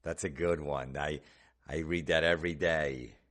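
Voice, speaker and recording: Male comedian host, extremely deep voice, sarcastic and foul-mouthed. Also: fairly even intonation, a little slow, fairly bright tone. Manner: sarcastic, profane mockery. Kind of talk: comedic podcast rant.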